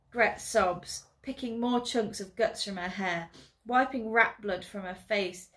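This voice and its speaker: Teacher, female, reading a story aloud to her class; expressive, gets loud on dramatic beats. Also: mid-range voice, normal speed.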